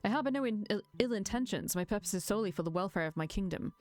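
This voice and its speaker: A woman's voice: mid-range voice, lively intonation, racing, darkish tone, lightly acted. A woman reading the lines of a haughty, scheming young male prince in a visual novel, sarcastic and commanding.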